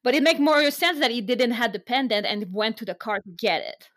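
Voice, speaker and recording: A woman co-hosting a casual TV recap chat, animated and quick to laugh and swear. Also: a little high. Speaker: podcast co-host.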